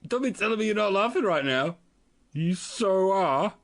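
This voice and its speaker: Mocking man with a lively voice. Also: high-pitched, moderate pace, creaky. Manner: mocking, laughing, teasing. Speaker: podcast co-host. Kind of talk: casual comedic commentary.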